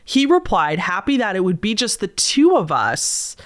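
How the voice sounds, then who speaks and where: A woman's voice: mid-range voice, big pitch swings, a little slow, few pauses. Woman reading scary stories with sarcastic asides. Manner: sarcastic asides and disgusted interjections. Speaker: host reading viewer-submitted scary stories. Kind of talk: storytelling reading with reactions.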